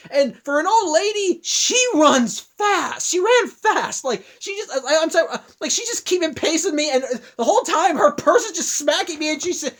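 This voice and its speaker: A man's voice: very high-pitched, a bit bright. A man in his twenties tells a long story in vlog style, rambling, with many restarts and asides. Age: 20s. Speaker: vlogger.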